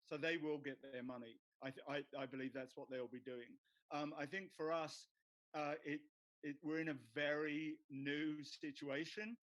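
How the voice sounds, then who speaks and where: Tenant organizer guy, earnest, slightly high, dry mic. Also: fairly bright tone, no room sound, low-quality recording. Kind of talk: casual spoken advice on a video call. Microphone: video call.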